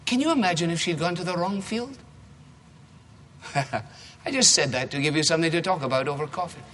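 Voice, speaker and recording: A male preacher reads a rhyming children's story aloud in a playful, rhythmic sermon. His voice is slightly high and bright. A long hall reverb trails each line. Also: expressive, a little fast, slight background noise.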